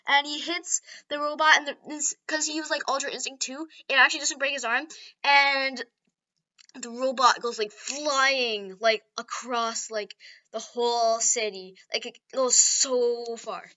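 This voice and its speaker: A woman's voice: fairly high pitch, fairly even intonation, unhurried, bright, forceful tone. A woman casually retelling a story, rambling and playful with lots of fillers. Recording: dull lo-fi recording.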